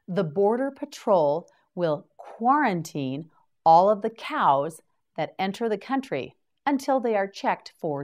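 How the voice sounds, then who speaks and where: Slow, lilting woman teaching vocabulary. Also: lowish voice, darkish tone. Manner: carefully enunciated, repeats each word for the listener. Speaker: English teacher. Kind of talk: slow vocabulary drill for beginners.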